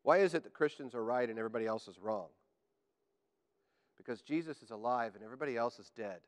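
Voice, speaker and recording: A man preaching a sermon to a congregation, animated and joking, building up to emphatic declarations. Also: medium pitch, fast talker. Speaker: pastor. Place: church sanctuary. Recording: church hall with long reverb.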